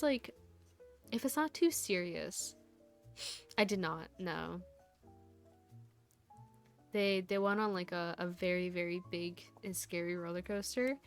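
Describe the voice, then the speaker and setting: A woman VTuber chatting casually to her stream viewers, rambling through a story with lots of laughs and fillers. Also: mid-range voice.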